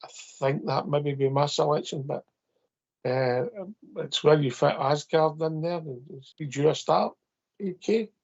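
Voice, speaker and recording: A man with a Scottish accent hosting a casual football phone-in, chatty and quick to laugh. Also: a little high, creaky, a little mellow, lo-fi sound. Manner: chatty, laughs easily, many fillers. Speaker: radio phone-in host.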